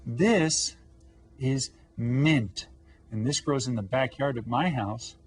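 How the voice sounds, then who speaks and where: A man teaching a children's language lesson, slowly modeling words for young learners to repeat. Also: mid-range voice, husky, soft background music. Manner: friendly, slow modeling of words for repetition. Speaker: Spanish teacher.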